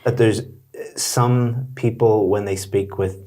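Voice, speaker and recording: A man's voice: on the low side, steady tone, measured pace, mellow. A man who is a native English speaker and a language teacher, giving a student patient, encouraging feedback on her spoken exam, one step at a time.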